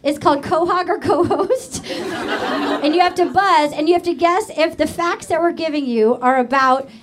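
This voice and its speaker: A woman from Rhode Island hosting a talk show, joking and laughing as she chats with a guest. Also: very high-pitched. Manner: joking, rapid, laughing often. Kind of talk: late-night talk show chat. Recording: studio audience crowd noise. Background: studio audience.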